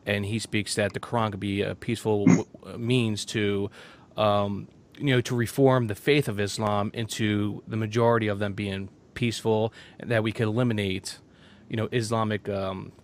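A man's voice: fairly low pitch, little pitch movement, normal speed. A young man hosting an interview, asking questions hesitantly with many fillers. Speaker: interviewer, podcast host. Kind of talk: casual interview.

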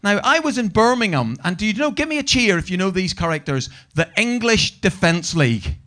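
A man's voice: sits high, big pitch swings, fairly quick, bright, forceful tone. A man with a Northern Irish accent doing a brash, sweary live stand-up set and teasing the audience. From Northern Ireland. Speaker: stand-up comedian. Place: comedy venue stage.

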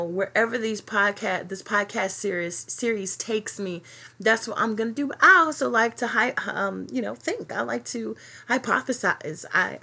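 A woman in the middle of a podcast monologue, heated and outspoken, swearing freely as she goes. Her delivery rambles and restarts often, surging ahead and then reining herself back in. Her voice sits at an ordinary mid pitch for a woman. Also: pushed and bright. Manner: passionate, profane rant that speeds up and slows down; rambling with many fillers and self-restarts. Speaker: podcast host.

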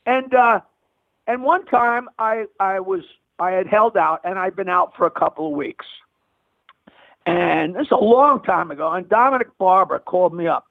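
A comedian guest telling blunt stories over the phone, rambling with frequent restarts. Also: male voice, high voice, animated, moderate pace, creaky, dry recording. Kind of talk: phone interview, storytelling. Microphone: telephone. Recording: dry phone line.

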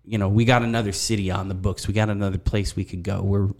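A middle-aged man, a podcast guest, recalling old times in relaxed, casual chat. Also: lowish voice, fast. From Erie, Pennsylvania. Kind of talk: casual conversation.

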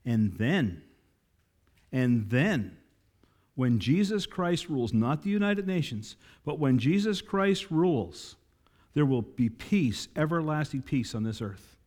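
Guy preaching a sermon, gets loud and fired up at the big lines, talks right to the crowd. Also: mid-range voice, big pitch swings, slow pace. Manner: preaching with rising emphatic climaxes and audience asides. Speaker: pastor.

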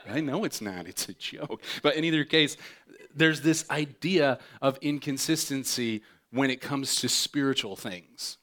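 A man in middle age delivering a sermon from the pulpit, his voice sitting in an ordinary middle pitch. He tells playful, jokey stories and jumps into quick impressions of the people in them, keeping things lively and conversational. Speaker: pastor. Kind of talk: sermon with comic storytelling.

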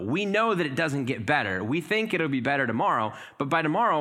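A man, probably a young pastor, preaching a casual, conversational sermon and acting out everyday reactions. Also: mid-range voice. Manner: conversational, animated, acts out quotes, many fillers.

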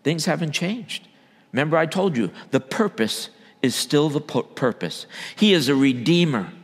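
A man delivers a sermon as a church elder, his voice sitting a little high for a man. He moves between loud emphatic bursts and low, quiet asides. The long reverb of a large hall trails every phrase. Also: expressive, moderate pace, breathy edge.

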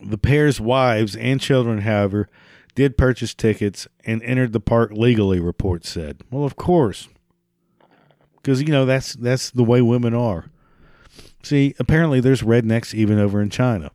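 A man's voice: mid-range voice, moderate pace, warm tone, no echo, clean studio sound. A man hosting a solo podcast, reading and riffing with sarcastic, profane, rambling asides. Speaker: podcast host.

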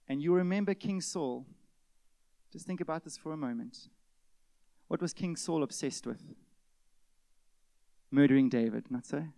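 A male pastor preaching a sermon, swinging from loud emphatic peaks to hushed near-whispers and asking the congregation rhetorical questions. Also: fairly high pitch, no room sound.

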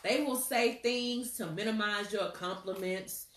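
A woman, hosting a casual chat, laughing often and telling stories with lively impressions of people. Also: a little slow. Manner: animated, laughs often, mimics people in high voices. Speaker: host. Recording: roomy, a bit far from mic.

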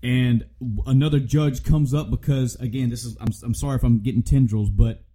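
Profane storytelling man, dark husky voice. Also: medium pitch, fairly quick, poor audio. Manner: animated, profane storytelling with restarts. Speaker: podcast co-host. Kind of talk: casual chat retelling a game story.

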